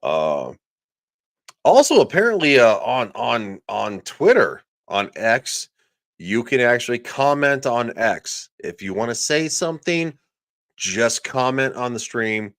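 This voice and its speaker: A man's voice: medium pitch, big pitch swings, slow pace, a bit bright, dry recording, clean studio sound. A man hosting a livestream, ranting sarcastically and crudely, often reading out viewers' chat comments. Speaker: livestream host.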